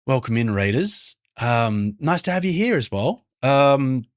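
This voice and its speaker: An Australian man from Brisbane, a variety streamer and game developer, chatting casually with his viewers and greeting them by name. He often keeps his voice hushed so the game won't hear him. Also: medium pitch, big pitch swings, measured pace, no room sound, studio quality. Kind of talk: casual livestream chat with viewers.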